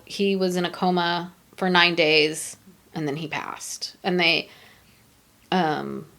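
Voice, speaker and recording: A middle-aged woman hosting a podcast, telling a personal story in a halting, emotional way with many pauses and fillers. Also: fairly low pitch, gravelly, fairly bright tone. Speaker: podcast host.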